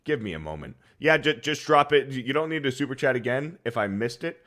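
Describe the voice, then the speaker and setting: A man's voice: mid-range voice, brisk, fairly bright tone. A man co-hosting a casual livestream show, reading viewer messages aloud and laughing along. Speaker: co-host reading super chats.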